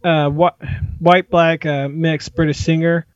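A man's voice: a little high, level tone, no echo, highs cut off. A man co-hosting a casual movie podcast, giving opinionated, profane awards predictions. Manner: opinionated, rapid, swears freely.

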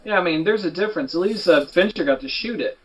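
A man's voice: high voice, lively intonation, fast, a bit bright. A man co-hosting a podcast, telling stories in a blunt, profane way. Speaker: podcast co-host. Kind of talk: casual chat, telling a story. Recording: distant, dull mic with faint noise.

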